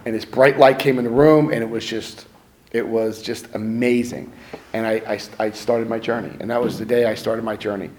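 A man's voice: lowish voice, fairly even intonation, moderate pace, a little hiss or hum. Man telling his recovery story. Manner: storytelling, swings between hushed and loud, laughs at himself. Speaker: recovery speaker. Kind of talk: personal testimony talk to a meeting.

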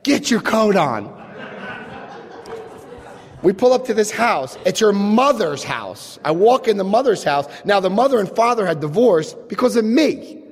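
A man telling a story to a crowd with a lively, swooping voice that rises high when he gets worked up. He laughs often and acts out the people in the story. A long reverb hangs behind him, as in a big hall. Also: normal speed. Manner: animated, laughing, acts out quotes. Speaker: speaker sharing a personal story. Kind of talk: storytelling to an audience.

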